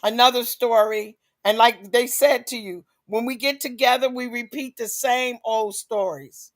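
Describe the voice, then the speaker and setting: A woman's voice: fairly high pitch, steady tone, a little slow. A woman on a video call sharing family memories and prompting her brother to tell a story. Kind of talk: casual conversation.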